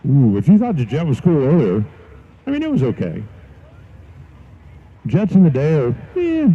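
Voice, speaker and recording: A man's voice: medium pitch, wildly swooping pitch, normal speed, slightly rough. A man doing live commentary as announcer at a drag race, mixing race calls with folksy joking asides. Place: outdoor dragstrip. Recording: dull live-stream audio with loud track noise.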